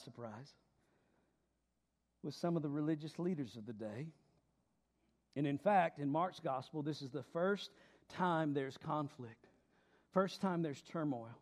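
High-voiced preacher, slow and emphatic. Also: male voice. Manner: swings from hushed to loud and emphatic; asks the congregation questions, jokes with them. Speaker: pastor. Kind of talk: sermon.

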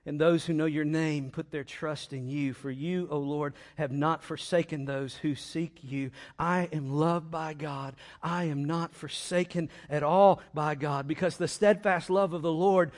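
Slow, impassioned male preacher. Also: a little high, steady tone. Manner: builds from quiet and slow to loud, impassioned preaching; dramatic pauses and repetition. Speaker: pastor. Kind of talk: sermon.

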